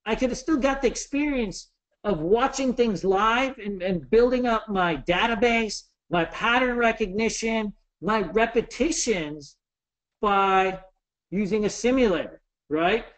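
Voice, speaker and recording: A man in his thirties giving a casual webinar lesson on trading, animated and jokey, with some swearing. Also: high-pitched, measured pace. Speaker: trading instructor.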